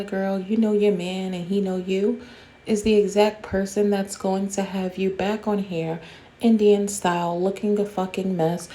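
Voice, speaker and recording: Woman host, warm low-key tone, blunt and profane, casual commentary. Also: a little hiss or hum.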